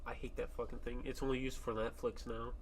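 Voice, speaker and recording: A young man chatting on a casual podcast, foul-mouthed and prone to loud sudden outbursts. His voice sits at an ordinary middle pitch, and a faint hiss of background noise runs under the recording. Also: flat delivery, fast. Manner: crude, loud outbursts, heavy swearing. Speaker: podcast host. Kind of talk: casual chat.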